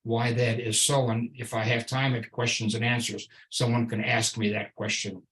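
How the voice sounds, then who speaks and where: A man giving a public slide lecture, wry and sarcastic, stressing key words slowly, with frequent restarts and fillers. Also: mid-range voice, flat delivery, fairly bright tone, rough recording. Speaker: invited speaker giving a slide talk.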